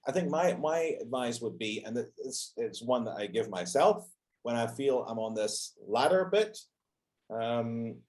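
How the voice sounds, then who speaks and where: A man's voice: medium pitch, a little mellow. Hesitant man sharing advice. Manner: hesitant, repeats words as he thinks. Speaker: guest speaker on language learning. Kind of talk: online talk.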